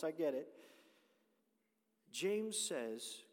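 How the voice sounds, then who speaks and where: A pastor preaching a sermon, building to emphatic, shouted points. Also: male voice, medium pitch, measured pace. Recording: reverberant hall.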